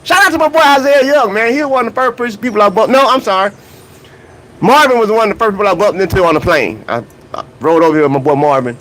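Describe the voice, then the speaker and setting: A man's voice: high-pitched, fast, fairly bright tone, rough recording. A man hosting a casual livestream vlog about track and field, greeting chat viewers by name and talking in loose slang. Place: outdoors near a hotel, humid weather.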